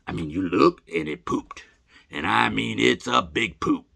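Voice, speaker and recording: A middle-aged man hosting a vlog, telling old stories in a folksy, rambling, animated way. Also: measured pace, gravelly, husky. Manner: folksy, rambling, animated, bursts into high put-on voices. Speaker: host. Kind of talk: casual nostalgic storytelling.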